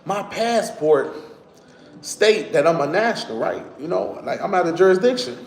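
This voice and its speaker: A man's voice: sits high, lively intonation, moderate pace, creaky. A man explaining things to his viewers in a casual monologue. He talks conversationally, repeats his points and speaks to the audience directly. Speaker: online commentator. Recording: echoey room.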